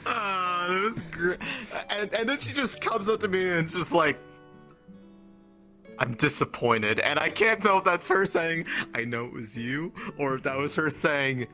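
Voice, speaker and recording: A man's voice: high-pitched, normal speed, few pauses, pushed and bright, soft background music. A man chatting casually out of character after a role-play session, swearing freely and laughing as he recounts the game. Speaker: tabletop role-play player.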